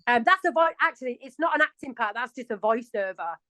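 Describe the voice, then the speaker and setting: A woman's voice: on the high side, lively intonation, fast, pushed and bright, dry recording, poor audio. A woman of forty-one with a Yorkshire accent, a chatty and self-mocking interview guest who laughs often. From England. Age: 40s. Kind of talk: casual interview chat.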